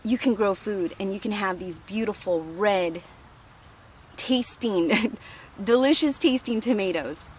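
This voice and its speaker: A woman giving a casual, enthusiastic tour of her farm garden outdoors, talking warmly and laughing often. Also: medium pitch, a little slow, slight background noise. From United States.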